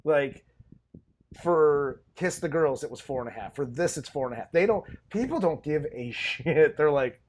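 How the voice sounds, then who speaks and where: A man's voice: a little high, lively intonation, normal speed, slight background noise. A man co-hosting a movie review podcast in casual chat, joking and laughing often.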